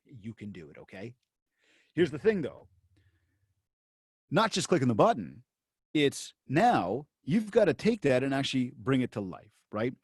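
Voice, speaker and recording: A lively male speaker whose pitch swoops up and down as he tells a story. He talks to a room of agents in a loose, chatty way, full of "right?" and restarts. The sound is dry and close, with no room echo. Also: husky. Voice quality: animated storyteller who acts out both sides of conversations. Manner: conversational, with many fillers and restarts; addresses the audience directly. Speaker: motivational speaker to real estate agents. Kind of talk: storytelling seminar talk.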